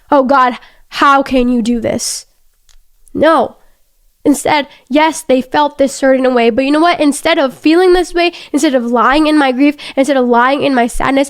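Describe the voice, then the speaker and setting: A woman's voice: sits high, no room sound, clean studio sound. A young woman hosting a faith podcast, retelling a Bible story in casual, earnest talk with many fillers and restarts.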